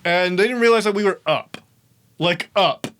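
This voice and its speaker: On a podcast, a young male host with a slightly high voice rambles through a story in casual chat. He talks fast and animatedly, swearing freely and laughing often. There's slight background noise.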